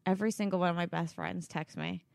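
A woman's voice: on the low side, fairly even intonation, fast, vocal fry, darkish tone, no room sound, clean studio sound. A young woman co-hosting a podcast, talking in an earnest, heartfelt way with the odd swear word. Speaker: podcast co-host. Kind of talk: casual podcast chat.

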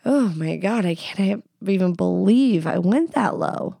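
A woman's voice: mid-range voice, expressive, a little slow, vocal fry, dark tone, no echo, clean studio sound. A woman hosting a podcast, giving blunt, profane, playful advice in a casual chat. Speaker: podcast host.

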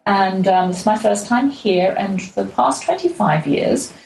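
A woman's voice: mid-range voice, unhurried, gravelly, a little mellow. A middle-aged woman, originally from England, telling a chatty, lightly humorous travel diary as a show host. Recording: roomy echo with faint ambient noise.

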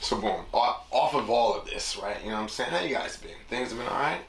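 A man's voice: mid-range voice, expressive, fast talker, creaky, reverberant, heavy background noise. A young man hosting a casual solo podcast, talking in a loose, rambling, reflective way and leaning on repeated catchphrases. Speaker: podcast host.

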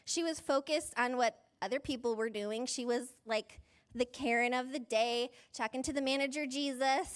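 High-voiced chatty woman preaching. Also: normal speed, clear, resonant tone. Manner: chatty and self-deprecating, with frequent "like"; laughs often mid-sentence. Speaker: pastor. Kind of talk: conversational sermon.

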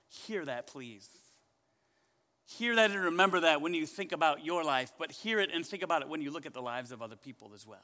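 Bright, high-voiced preacher in a reverberant hall. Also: male voice. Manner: animated, questioning the congregation. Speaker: pastor. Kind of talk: sermon.

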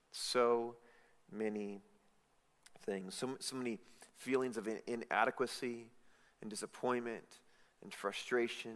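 A man preaching a sermon, swinging from loud emphatic lines to hushed, intimate ones. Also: medium pitch. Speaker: pastor. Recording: reverberant hall.

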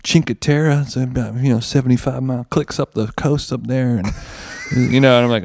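A man's voice: mid-range voice, moderate pace, gravelly, dry recording. A man co-hosting a podcast, telling a rambling, profane anecdote in casual chat. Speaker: podcast co-host. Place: basement of a villa.

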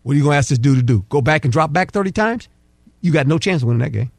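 A man with a high, lively voice breaks down football on a sports talk show, close and dry on the mic. He is emphatic and folksy and slips into quoted dialogue as players and coaches. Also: very fast, gravelly, no echo. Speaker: football analyst guest.

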